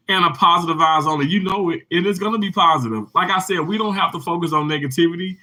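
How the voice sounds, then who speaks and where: A man's voice: sits high, fast talker, few pauses, rough recording. A man hosting a casual livestream, telling a heartfelt story with many restarts and then cheerfully greeting viewers in the comments. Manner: lively and upbeat greeting viewers.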